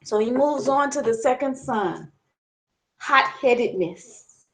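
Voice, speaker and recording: Lively woman telling a folktale. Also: a little high, slow pace, low-quality recording. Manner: lively, asks the audience questions. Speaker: storyteller, teacher. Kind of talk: interactive storytelling lesson.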